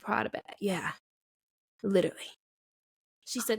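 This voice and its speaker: A woman in her twenties, co-hosting a podcast, telling a story in casual chat and acting out the people in it with quick changes of voice. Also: medium pitch, gravelly. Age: 20s. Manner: animated, acts out quoted people, laughs often. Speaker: podcast co-host.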